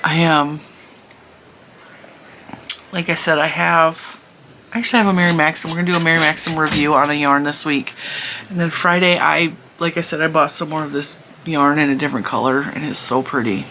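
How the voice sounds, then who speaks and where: A woman's voice: low-pitched, fairly even intonation, brisk, pushed and bright, a little hiss or hum. Chatty woman rambling at home. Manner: rambling, chatty, laughs often. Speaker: crochet channel host. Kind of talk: casual chat to camera. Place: home room.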